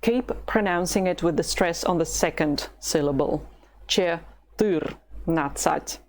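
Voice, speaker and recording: A woman from Russia with a Russian accent, a patient language teacher who models words slowly for the listener to repeat. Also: on the low side, a little mellow. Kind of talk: slow language lesson with repetition drills.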